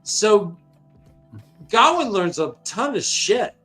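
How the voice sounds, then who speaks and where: Man, podcast co-host, unhurried delivery, slightly high voice, jokey and profane, faint music behind. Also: sing-song, sharp tone. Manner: acts out characters in quick gruff asides, profane, jokey. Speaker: podcast co-host recapping a book. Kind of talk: casual chat, retelling a story.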